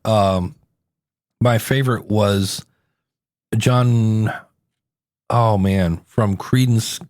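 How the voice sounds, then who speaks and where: Middle-aged podcast host telling stories. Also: male voice, fairly low pitch, darkish tone, no room sound, clean studio sound. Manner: storytelling, acts out quotes with playful voices. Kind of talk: casual podcast chat.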